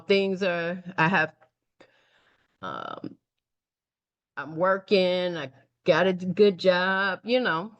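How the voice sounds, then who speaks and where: A middle-aged woman from Detroit, a guest on an interview show, tells her life story in an animated way. Her voice sits a little low, and she jumps into the voices of the people she quotes. She laughs easily as she talks. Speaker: guest, nonprofit founder and speaker. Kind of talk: conversational storytelling.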